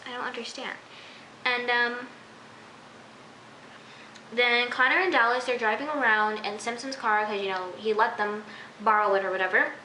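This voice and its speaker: A teenage girl rambles through a casual video review, exasperated and leaning on "like" over and over. Her voice is fairly high and bright. The sound echoes off the walls of her room. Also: fairly even intonation, moderate pace, pauses often, a little hiss or hum. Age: teens. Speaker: TV episode reviewer. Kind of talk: casual recap vlog.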